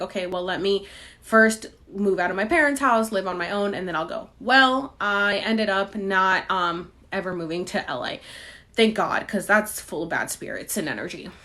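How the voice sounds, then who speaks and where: A woman in her thirties chatting on a live stream, her pitch sitting in an ordinary middle range. She rambles through a personal story, full of fillers and acted-out quotes. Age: 30s. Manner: animated, rambling, frequent fillers and quoted dialogue. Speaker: host answering viewer questions.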